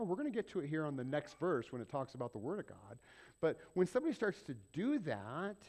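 A middle-aged man preaching to his church in a loose, talky style. His voice sits a little higher than most men's, and he keeps throwing questions at the listeners and playing out bits of dialogue. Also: a little mellow. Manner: conversational preaching with rhetorical questions and acted-out dialogue. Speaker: pastor. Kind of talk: sermon.

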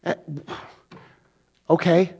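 A man preaching a sermon as pastor, animated, acting out quoted voices and swinging from loud bursts to hushed asides. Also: very slow.

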